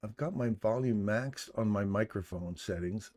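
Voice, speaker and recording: Man, live-stream host, low voice, joking and chatty, condenser mic at a home desk. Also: normal speed, a little mellow. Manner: joking, chatty, talks to himself while fiddling with settings. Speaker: trading livestream host. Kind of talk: casual live-stream commentary. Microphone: studio condenser mic.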